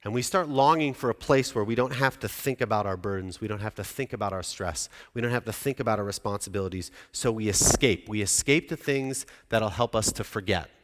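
A man's voice: on the low side, brisk, hardly any pauses. A man in his forties preaching a sermon in a conversational way, often putting questions to the congregation. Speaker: pastor. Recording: reverberant church hall.

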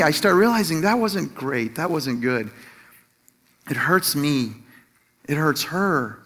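A man with a notably high voice preaches through a personal story, full of restarts and little laughs. He acts out the quotes as he goes, then drops into a softer, slower voice for his points. Middle-aged and addressing his listeners directly. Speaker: Christian teacher or pastor.

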